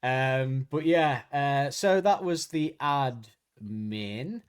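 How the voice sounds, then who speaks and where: A man's voice: medium pitch, expressive, extremely slow, clean tone. An Irish man hosting a casual podcast chat, rambling and laughing often. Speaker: podcast host.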